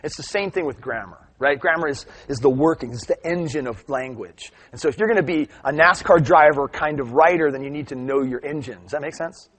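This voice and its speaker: A middle-aged man giving a live teaching talk, lively and chatty, often checking in with "right?". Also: on the high side, fairly quick, hardly any pauses. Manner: animated storytelling, asks "right?" often. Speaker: workshop presenter.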